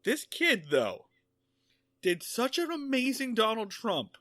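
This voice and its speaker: Podcast co-host: bright, slightly high male voice, rambling, animated, profane storyteller, dry close mic. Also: takes it slowly, no room sound. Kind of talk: casual chat.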